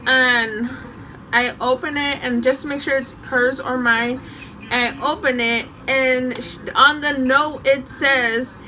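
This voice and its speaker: A young woman casually telling a story from her school days, animated and often laughing. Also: high voice, slow, slight background noise, low-quality recording.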